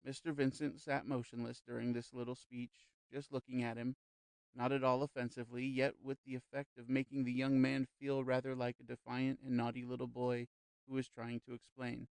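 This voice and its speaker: A male audiobook narrator reading a classic novel in a measured, even storytelling manner. His voice sits in a middle register, and the recording is close and dry. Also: medium pitch, creaky, clear, resonant tone, dry recording. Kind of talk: scripted narration.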